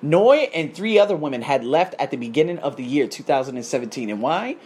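A man's voice: on the high side, lively intonation, fairly quick, darkish tone, slightly rough. An American man hosting a podcast, telling a story in a crude, emphatic, ranting way. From United States. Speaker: podcast host. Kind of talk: casual storytelling.

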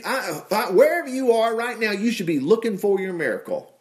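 A man's voice: sits high, sing-song, fairly quick, few pauses, darkish tone. A middle-aged man preaching, reading scripture aloud with folksy asides and exclamations of praise. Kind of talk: folksy Bible-reading sermon.

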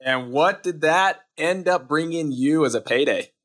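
A podcast host with a fairly high voice speaks with lots of hype. His delivery is salesy and playful as he cheers on the guest's wins. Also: measured pace, fairly bright tone. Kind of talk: enthusiastic podcast hosting.

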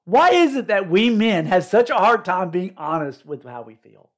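This podcast guest is a middle-aged man with a high voice and a moderate pace, telling an emotional story from his own life. He performs the quotes of those involved with animated, dramatic shifts.

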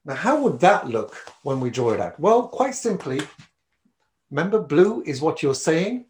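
Lively male speaking coach. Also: normal speed. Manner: animated, wide swings of loudness and pitch to demonstrate. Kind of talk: presentation skills lesson.

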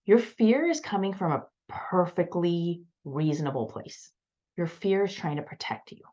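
A woman business coach speaks casually to her students, her voice sitting a little low. She is chatty and encouraging, with frequent fillers. The recording sounds dull and lo-fi. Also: expressive, normal speed, mellow. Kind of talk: casual talk in an online bootcamp session.

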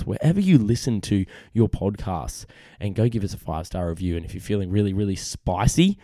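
Mellow Australian dad, matey podcast host. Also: male voice, lowish voice, no room sound. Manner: laid-back, matey, swears freely. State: losing his voice. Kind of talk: casual chat.

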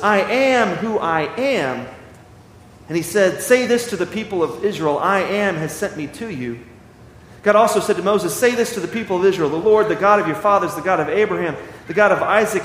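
A man with a fairly high voice delivers a sermon from a church sanctuary. He reads scripture slowly and leans hard on key phrases. The sound is roomy, with a long reverb and faint ambience behind him. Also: fairly bright tone, slight background noise. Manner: slow, emphatic scripture reading. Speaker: pastor. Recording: echoey hall, slight ambience.

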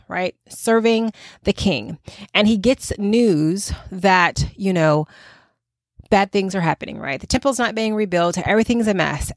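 A woman's voice: mid-range voice, dry recording, studio quality. A woman host giving a casual devotional talk, chatty and full of "right?" and "okay?" tag questions. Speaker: podcast host.

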